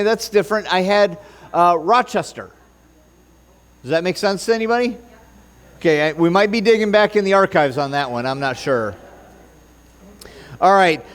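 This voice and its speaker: High-voiced, slow-talking joking pastor. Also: male voice. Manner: joking, chatty with the congregation; stumbles over his notes. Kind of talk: sermon. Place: church.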